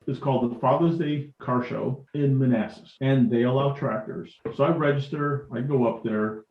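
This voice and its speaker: A man recounts anecdotes as a podcast guest and acts out the dialogue as he goes. His voice sits at a middling pitch. The recording is roomy and echoey, with a dull, lo-fi tone. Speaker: guest, tractor collector. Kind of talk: storytelling in a podcast interview. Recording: echoey room, dull lo-fi sound.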